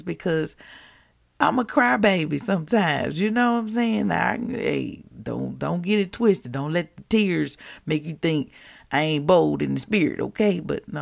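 Woman, devotional speaker; low, heavily creaky voice, emotional and heartfelt, talks straight to her listeners. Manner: emotional, earnest, repeats phrases, addresses listeners as y'all. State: teary, close to crying. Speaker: Christian speaker sharing a devotional. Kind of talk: informal devotional talk.

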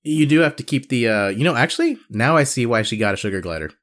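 A man's voice: medium pitch, animated, fast, fairly bright tone. A man co-hosting a podcast in casual chat, joking and rambling with fillers. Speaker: podcast co-host.

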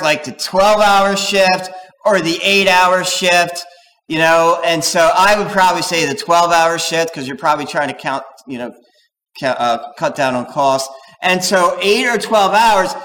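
A man preaching a sermon as pastor, talking in an animated, digressive way and acting out quoted voices. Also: high voice, low-quality recording. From United States.

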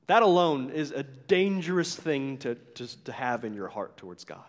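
A man's voice: medium pitch, moderate pace, hardly any pauses, big-room sound. A man preaching a sermon as a pastor, talking in a conversational way with frequent "right?" asides and acting out the complaints he quotes.

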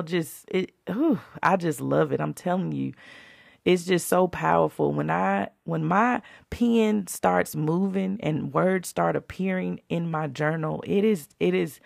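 A woman hosts a faith podcast in a fervent, preacherly, down-to-earth style. Her voice sits low with a gravelly edge, and the sound is close and dry. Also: no echo. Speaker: podcast host.

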